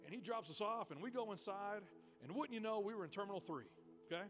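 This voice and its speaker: High-voiced man preaching a sermon. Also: quick pace, soft background music. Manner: energetic storytelling, repeats words when excited. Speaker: pastor. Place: church.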